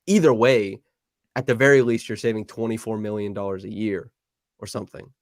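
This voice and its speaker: A man hosting a casual sports podcast, talking in quick, animated bursts that cut in on themselves. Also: lowish voice, dry recording, studio quality. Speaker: podcast host. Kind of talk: casual chat.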